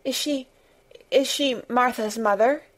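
A woman voicing an anxious, eager little girl who speaks in a halting, tremulous way. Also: fairly high pitch, lively intonation, voice pushed up. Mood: pleading.

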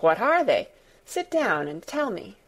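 A woman's voice: medium pitch, big pitch swings, measured pace. A woman voicing a spoiled, imperious invalid boy who speaks in a commanding, haughty way. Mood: curious.

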